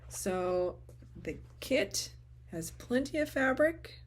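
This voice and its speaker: A woman with grandchildren, chatting excitedly as she shows off a craft haul, often gushing and acting out conversations with friends. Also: on the low side, slow, slight background noise. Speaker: craft vlogger. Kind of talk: casual show-and-tell chat.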